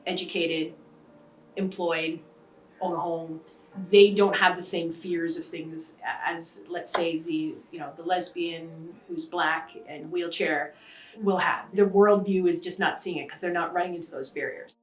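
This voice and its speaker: A woman's voice: fairly low pitch, fairly even intonation, a little slow. A woman speaking earnestly and emphatically in an oral history interview. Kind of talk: personal storytelling. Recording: roomy audio from a distance with faint ambience.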